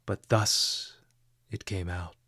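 A man narrating a novel as an audiobook with a measured, expressive reading. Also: sits low, dry recording, studio quality.

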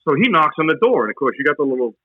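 Male veteran guest, rapid, bright, profane storyteller, dry close mic. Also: a little high, very animated, no echo, narrow, tinny audio. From New Hampshire. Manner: fast, rambling, profane. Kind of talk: casual storytelling.

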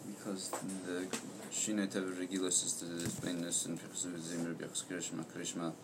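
A man in a study class, explaining his point in a slow, steady way. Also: deep voice, noisy background. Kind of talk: Torah study class discussion.

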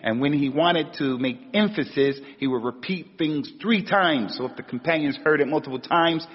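Husky American man preaching in a hall. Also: fairly high pitch, normal speed. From United States. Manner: emphatic, repeats key words, rises sharply on rhetorical questions. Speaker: religious teacher. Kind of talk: Islamic lecture. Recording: dull, echoey hall recording.

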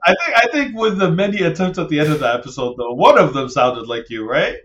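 Playful male co-host, higher voice. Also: animated, fast, crowd noise. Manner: playful, laughs often. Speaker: podcast co-host. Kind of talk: casual chat.

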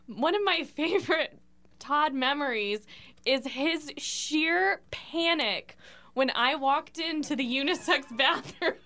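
Bright, high-voiced teasing woman. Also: slow pace. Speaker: comedy podcast guest. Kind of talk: casual teasing chat.

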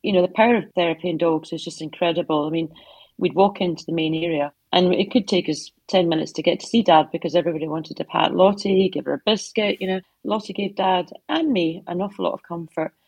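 This is an author guest, a middle-aged woman in her home office, telling heartfelt stories with soft asides in a relaxed interview. She talks fast in a lowish, steady voice that is gravelly and husky. The recording is dry.

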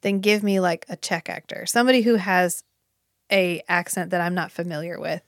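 A woman's voice: fairly low pitch, normal speed, dry recording, clean studio sound. Opinionated woman chatting casually. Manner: opinionated, animated, swears casually. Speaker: podcast co-host. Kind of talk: casual chat.

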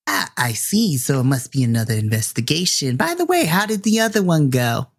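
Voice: mid-range voice, sing-song, brisk, slightly rough. A game master voicing a sweet elderly woman receptionist at a morgue who dotes on visitors and calls everyone sweetie. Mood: sweet doting.

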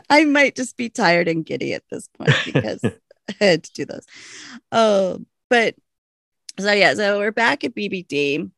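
Giggly woman with a gravelly edge. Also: mid-range voice, measured pace, no room sound. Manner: giggly, animated, acts out quoted lines. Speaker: podcast co-host. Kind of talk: casual chat recapping a TV show.

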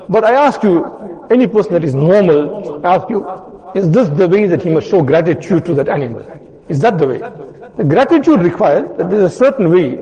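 A man's voice: fairly high pitch, dark tone, rough recording. A male preacher giving a sermon, repeating ideas in several words and asking rhetorical questions. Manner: repetitive, listing synonyms, rhetorical questions, slow emphatic phrasing. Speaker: mufti, preacher.

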